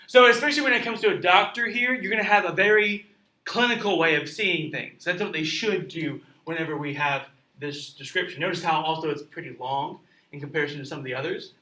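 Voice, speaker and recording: A man's voice: on the high side, bright, forceful tone. A man reading a story aloud and explaining it in a chatty classroom way, often asking his listeners questions. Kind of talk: classroom read-aloud with commentary. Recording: roomy echo, mic at a distance.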